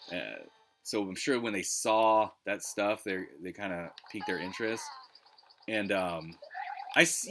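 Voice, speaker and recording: Bright-toned rambling gaming streamer guy. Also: low voice, a little hiss or hum. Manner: rambling, swears, lots of restarts. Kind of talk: casual live gameplay commentary.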